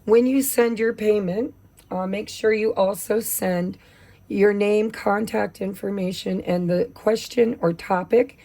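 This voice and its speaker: Gravelly woman reading tarot. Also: mid-range voice, fairly even intonation, measured pace, mellow. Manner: chatty, with many fillers. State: losing her voice from allergies. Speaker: tarot reader.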